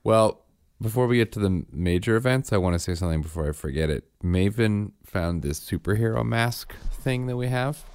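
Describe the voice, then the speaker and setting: A man in his thirties with a Midwestern accent chats on a podcast in a low voice that rises and falls freely. His manner is wry and joking, and he talks close into a dry studio microphone with no room sound. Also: lively intonation, normal speed, a little mellow, clean tone, no room sound. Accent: Midwestern American. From Chicago, USA. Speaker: podcast co-host. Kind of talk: casual chat.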